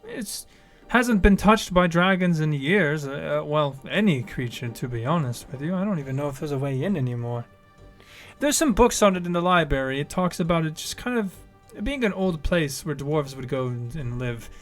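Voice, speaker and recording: A man's voice: fairly high pitch, expressive, normal speed, soft background music, lightly acted. A man voicing a brash, hard-drinking woman official who swears bluntly and sounds fed up with everyone. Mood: brusque. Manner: crude, blunt, exasperated.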